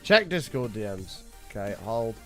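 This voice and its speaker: A man's voice: fairly low pitch, measured pace, faint music behind. A man chatting casually on a game livestream, reading chat and swearing often. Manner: animated, swears often, reads chat aloud. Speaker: streamer.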